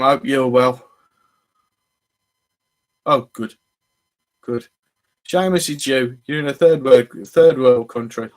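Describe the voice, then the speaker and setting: A man's voice: medium pitch, slow pace, long pauses. A man hosting a fishing channel, chatting casually on a live stream and greeting viewers as they arrive.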